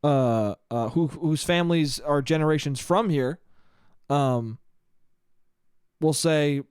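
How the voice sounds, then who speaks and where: A man's voice: a little high, takes it slowly, darkish tone, smooth, dry recording, clean studio sound. A young man hosting his own podcast, talking casually in a rambling, profane monologue and laughing often. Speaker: podcast host.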